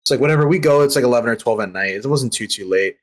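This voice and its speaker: A young man telling a story in casual podcast chat over a voice call, rapid and profane, packed with fillers. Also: mid-range voice. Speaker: podcast participant. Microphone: remote call over voice chat.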